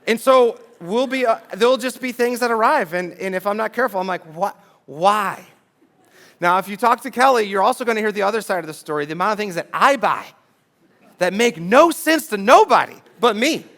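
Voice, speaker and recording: A man's voice: high-pitched, expressive, quick pace, fairly bright tone. A middle-aged man preaching a sermon in church, talking conversationally and asking the audience rhetorical questions. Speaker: pastor.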